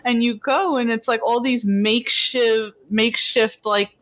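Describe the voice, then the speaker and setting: A young woman chatting as a guest film reviewer on a podcast. She talks in an animated way, laughs often and acts out lines from scenes. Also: a little high, measured pace. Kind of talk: casual podcast chat.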